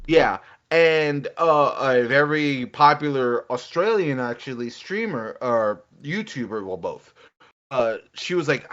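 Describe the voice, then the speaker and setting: A man co-hosting a casual gaming podcast, rambling and animated, acting out quotes as he talks. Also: medium pitch, slow pace. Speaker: podcast co-host. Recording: dull lo-fi audio.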